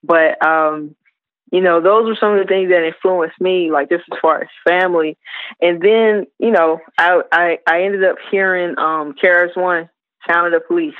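A woman from South Carolina, a hip hop artist guest, telling stories in a relaxed, rambling way with many fillers. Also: fairly low pitch, moderate pace, no room sound. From South Carolina, USA. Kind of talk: casual interview storytelling. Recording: tinny phone-line sound, dry.

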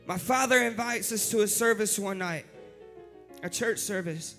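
A young man preaching his personal testimony in an earnest manner that builds to impassioned shouting. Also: sits high, moderate pace. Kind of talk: testimony sermon. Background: faint instrumental music.

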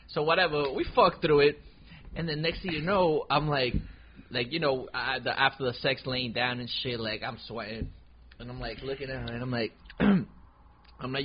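A man's voice: medium pitch, moderate pace, slight background noise. A man who is a guest on a casual podcast, telling stories in slangy talk full of fillers. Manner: animated, slangy storytelling with many fillers. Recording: dull lo-fi sound.

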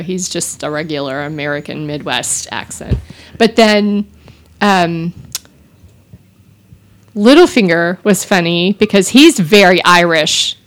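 A woman co-hosting a podcast, chatting casually and drifting off on tangents. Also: medium pitch. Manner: chatty, digressive. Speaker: podcast co-host. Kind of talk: casual chat about audiobooks.

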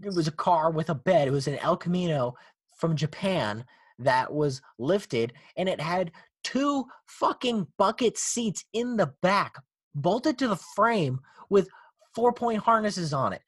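Animated, cursing guy ranting. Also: high voice, unhurried, husky, no echo. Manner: profane, animated, laughing ranter. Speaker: podcast host. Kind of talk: casual car chat.

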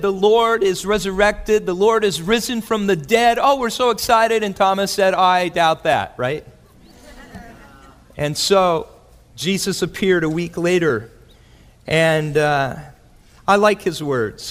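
A man preaching a sermon as pastor, animated, acting out quotes with big swings in his voice. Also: high-pitched. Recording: long hall reverb.

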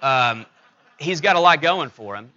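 Middle-aged male pastor, bright forceful tone, halting anecdotal delivery, slightly dull lo-fi sound. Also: on the high side, lively intonation. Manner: halting, anecdotal, many fillers and restarts. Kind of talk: sermon with personal story.

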